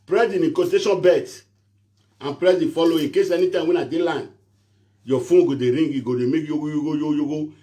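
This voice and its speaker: Preachy Nigerian Pidgin-speaking man, slightly high. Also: fairly quick, warm tone. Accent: Nigerian Pidgin English. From Edo State, Nigeria. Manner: pleading, preachy and rambling. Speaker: self-styled prophet and show host. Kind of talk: casual monologue to viewers.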